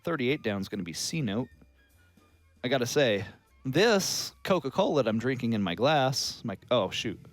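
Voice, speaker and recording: A man co-hosts a podcast, rambling through his thoughts and getting defensive when teased. His middle-pitched voice moves with lively ups and downs. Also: moderate pace, dry recording, soft background music. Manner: rambling, defensive, hesitant restarts. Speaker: podcast co-host. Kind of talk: casual comedic banter.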